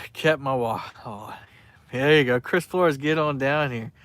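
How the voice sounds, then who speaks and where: A man with a drawl talks casually through a long fishing live stream. His pitch sits in an ordinary middle range, and he rambles along, greeting viewers by name. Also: expressive, slow pace, a bit bright, dry recording. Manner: rambling, chatty, reads out viewer names. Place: outdoors by the water at night.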